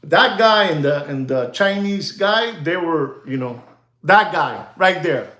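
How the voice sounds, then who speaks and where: A man chats casually to livestream viewers, rambling and repeating himself. His voice sits high and swings widely in pitch. The sound is roomy and echoey. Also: animated, takes it slowly, fairly bright tone. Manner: rambling, repetitive, laughs often. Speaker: watch dealer hosting a livestream.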